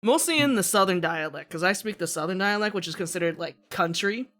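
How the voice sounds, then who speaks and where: Soft-spoken midwestern girl streamer, bright voice, chatting on a call. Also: fairly low pitch, lively intonation, brisk. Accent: Midwestern American. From Vietnamese family, raised in the US. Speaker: streamer hosting a collab. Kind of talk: casual group chat.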